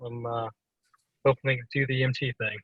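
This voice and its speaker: A man's voice: medium pitch, level tone, fairly quick, dry recording. A man firefighter introducing himself in an easygoing, enthusiastic way in an online class. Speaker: firefighter student. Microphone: video call. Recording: dry, muffled video-call audio.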